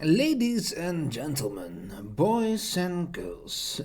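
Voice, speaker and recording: A man streamer and hobby voice actor giving a casual spoken self-introduction, with halting, loosely strung phrasing. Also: fairly high pitch, very animated, gravelly, darkish tone.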